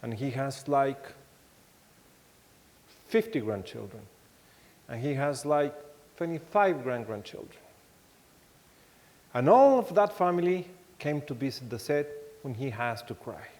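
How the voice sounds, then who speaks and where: A man with a Mexican accent giving a keynote talk, telling anecdotes in a halting way with many restarts and acting out the voices he quotes. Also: mid-range voice. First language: Spanish. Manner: animated storytelling, acts out quoted voices. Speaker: keynote speaker. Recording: long hall reverb.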